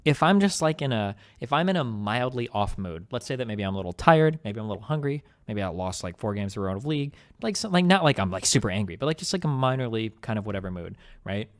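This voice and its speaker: Young male streamer, rapid, rambling, profane, lowish voice. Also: very animated. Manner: rambling, filler-heavy, blunt and profane. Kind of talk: casual profane chat on stream.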